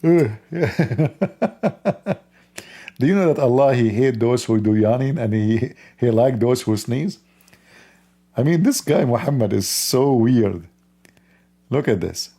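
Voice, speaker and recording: A man talks at an unhurried pace in a dark, gravelly voice. His English is simple and non-native, and he teases and chuckles throughout, like a casual host chatting to his viewers. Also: mid-range voice, expressive. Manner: slow, laughing, teasing, simple non-native English grammar. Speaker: livestream host. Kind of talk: casual mocking commentary.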